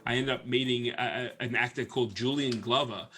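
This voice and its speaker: A man's voice: medium pitch, fairly even intonation, fairly quick, sharp tone. A man from Australia with a light Australian accent, co-hosting a casual chat and telling stories full of fillers. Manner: rambling storyteller, many fillers. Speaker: co-host.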